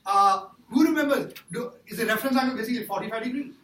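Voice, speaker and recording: Speaking quickly in a high, bright voice, a male math teacher hammers his points home repeatedly and keeps firing questions at his students. He was recorded from far away in a reverberant classroom, with a faint hiss in the background.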